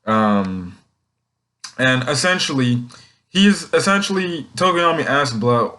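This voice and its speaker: A male manga chapter reviewer gives a casual, unscripted recap, rambling, circling back on sentences and leaning on "um" and "essentially." His unforced voice sits at an ordinary middle pitch, animated, bright and forceful, though slow-paced.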